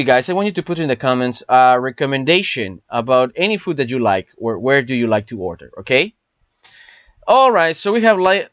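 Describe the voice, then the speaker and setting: A man whose first language is Spanish teaches an English class online, going over words and phrases slowly and repeating them. His voice sits at a middle pitch and comes across dry, with a slightly dull, lo-fi sound. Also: a bit bright, no room sound.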